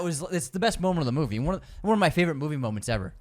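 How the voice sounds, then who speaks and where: Excitable man gushing about a film. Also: fairly high pitch, very fast, few pauses. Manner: excitable, acts out scenes with sudden loud bursts. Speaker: podcast co-host. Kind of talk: casual film discussion.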